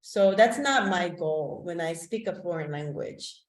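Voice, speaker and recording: A woman's voice: lowish voice, lively intonation, unhurried. A woman whose first language is Korean gives an online teacher-training talk over a video call, chatty and loose, with frequent "like" and "um". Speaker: teacher presenting a webinar. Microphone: video call microphone. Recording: echoey room.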